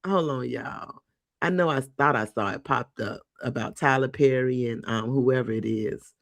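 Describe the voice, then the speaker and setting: A woman host with a gravelly, creaky edge to her voice, chatting loosely about entertainment news. She rambles and talks straight to her viewers, and her voice sits dry and close. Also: extremely low pitch, normal speed, dry recording. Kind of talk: casual entertainment commentary.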